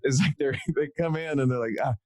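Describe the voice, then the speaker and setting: A man's voice: fairly high pitch, a little fast, no echo. Guy hosting a podcast, dry close sound, asks lots of questions, laughs easy. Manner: curious questioner, laughs easily. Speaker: podcast host. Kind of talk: conversational interview.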